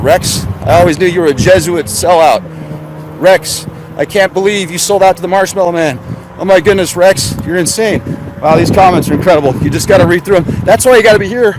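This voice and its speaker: A man's voice: high voice, noisy background. A man livestreaming from his car, rambling casually with sarcastic rhetorical questions. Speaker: conspiracy vlogger. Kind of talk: casual livestream chat while driving.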